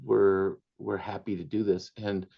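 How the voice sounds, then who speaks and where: A man's voice: low voice, level tone, a little slow, gravelly, muffled recording. An older man, an author, telling family anecdotes in an interview, laughing often and slipping into Spanish phrases. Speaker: author guest. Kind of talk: storytelling interview.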